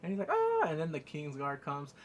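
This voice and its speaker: A man's voice: on the high side, fast. A man giving a casual, profane recap of an episode, laughing and acting out the scenes with sound effects. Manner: excitable, profane, laughs while retelling. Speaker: TV show reviewer.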